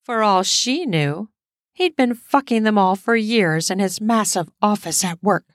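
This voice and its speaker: Woman, erotic audio story narration, steady delivery, dry close sound. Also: mid-range voice, measured pace, no echo.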